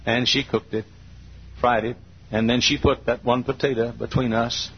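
An older man in his sixties delivering a sermon in church, moving between folksy storytelling and fervent, near-shouted passages. His voice sits at a medium pitch, on a dull, lo-fi recording with a faint hiss behind it. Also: level tone, normal speed. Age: 60s. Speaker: preacher.

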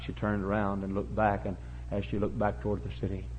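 A middle-aged pastor preaching a revival sermon, dropping to low murmurs and then rising to shouted, high-pitched cries. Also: male voice, completely flat delivery, fairly quick, a little hiss or hum. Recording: dull lo-fi sermon recording.

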